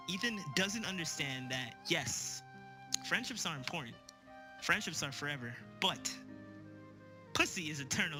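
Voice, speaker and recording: A young man telling a comedic story in a rambling, excitable, crude way. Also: on the high side, normal speed, over music.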